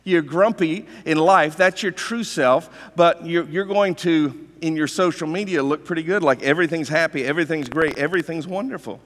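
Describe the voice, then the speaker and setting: Pastor guy preaching, kinda high voice, chatty and emphatic, long echo like a big hall. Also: moderate pace, few pauses, fairly bright tone. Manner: conversational, emphatic storytelling with rhetorical questions. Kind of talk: sermon.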